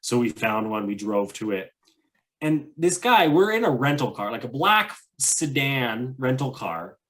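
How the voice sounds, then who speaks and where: Co-hosting a podcast, he rambles casually about travel, packing his talk with "like," fillers and restarts. His mid-range voice is very animated and fairly bright, though his pace stays measured.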